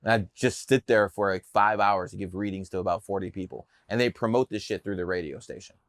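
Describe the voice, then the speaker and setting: A man's voice: lowish voice, a little fast, no echo, clean studio sound. A man telling stories in a casual interview, brash, boastful and profane. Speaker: podcast guest telling his story.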